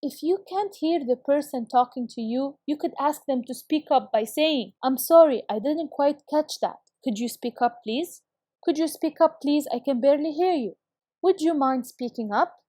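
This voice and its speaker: A woman teaching an English lesson to schoolchildren on video, reading example phrases slowly and carefully and often praising her students. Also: high-pitched, warm tone, dry recording, clean studio sound.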